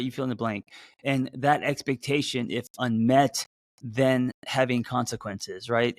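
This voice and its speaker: A man who hosts as a therapist, talking loosely to a live audience, with many fillers and restarts, and a voice that sometimes jumps up high. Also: dry recording. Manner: voice jumps up in pitch at times. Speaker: therapist and podcast host. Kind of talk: casual live-stream talk.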